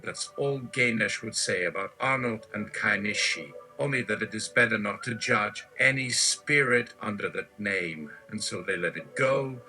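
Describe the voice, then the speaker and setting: A man's voice: fairly low pitch, moderate pace, hardly any pauses, sharp tone, rough recording. Man reading an absurd story over music. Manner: wry, with asides to the audience. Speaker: storyteller host. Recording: music playing behind.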